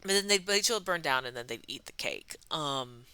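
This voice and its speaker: A woman's voice: low-pitched, lively intonation, a little fast, pushed and bright, clean tone, no echo. A woman hosting a soda review vlog, telling a casual history with wry asides and frequent ums and uhs.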